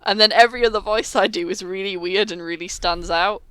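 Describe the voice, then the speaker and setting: A woman with a bright, smooth voice chats on a podcast. She is chatty but hesitant and trails off mid-thought. The sound is dry and close. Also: medium pitch, a little fast, no room sound. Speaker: podcast co-host. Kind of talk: casual chat.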